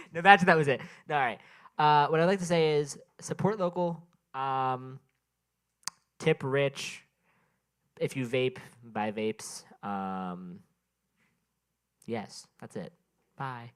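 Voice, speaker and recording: Tired dude doing standup at a little open mic, rambly, keeps cutting himself off to talk to people. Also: male voice, medium pitch, slow, long pauses, clean tone. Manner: rambling, self-interrupting, chatting with the crowd. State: sleep-deprived and tired. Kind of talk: stand-up comedy set. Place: small indoor open mic venue.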